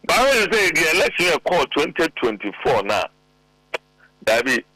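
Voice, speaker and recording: Emphatic Ghanaian man, bright dry voice. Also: fairly high pitch, sing-song, moderate pace, dry recording, rough recording. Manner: emphatic, mixes Twi and English. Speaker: guest politician. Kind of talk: animated political talk show.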